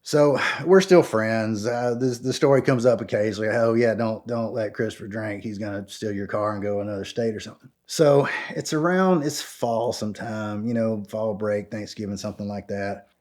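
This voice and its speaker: A man's voice: moderate pace, hardly any pauses. A middle-aged man from Georgia telling a personal anecdote casually, acting out dialogue with jumps in his voice and lots of "like" and restarts. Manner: animated, acts out both sides of dialogue with pitch jumps; frequent "like" and stammered restarts. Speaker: storyteller guest.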